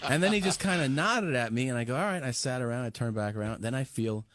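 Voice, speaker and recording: A man's voice: mid-range voice, fast, over a noisy crowd. A man in his forties, a comedian, animatedly telling a story on a podcast and acting out both sides of the dialogue.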